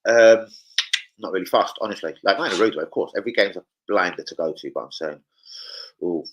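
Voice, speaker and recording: His voice is low and fairly quick, and the lo-fi sound carries a little hiss or hum. The young man, who has a London accent, hosts a casual livestream at home, reading comments out and swearing freely in laddish banter.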